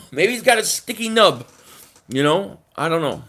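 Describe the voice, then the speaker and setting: A man hosting a casual live stream, answering chat comments in an animated, emphatic way with frequent restarts. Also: on the high side, measured pace.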